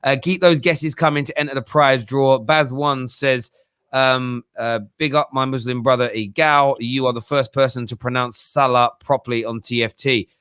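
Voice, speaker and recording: A man hosting a casual football chat, joking and telling stories in an animated way. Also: mid-range voice, moderate pace, clean tone, no room sound, clean studio sound. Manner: animated, jokey storytelling. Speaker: host.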